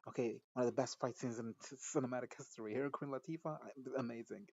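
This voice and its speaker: A man runs through a TV episode in a casual recap, gossipy and profane, with his voice sitting at an ordinary middle pitch. His talk is loose and full of asides and laughs. The recording sounds muffled and lo-fi. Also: fairly even intonation, quick pace, a little mellow, husky. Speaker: show reviewer. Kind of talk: casual recap and reaction commentary.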